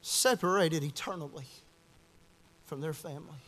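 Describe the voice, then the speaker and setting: Young preacher, bright and ringing, impassioned delivery with a long church echo. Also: male voice, fairly high pitch, moderate pace. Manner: impassioned, swings from shouting to hushed. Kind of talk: fiery sermon. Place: church at a Wednesday night service.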